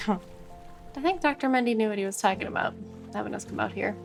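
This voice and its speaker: A woman's voice: medium pitch, moderate pace, creaky, soft background music. A woman playing a tabletop role-playing game, casually talking in and out of character. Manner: relaxed, conversational, mixes in-character lines with narration. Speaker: player.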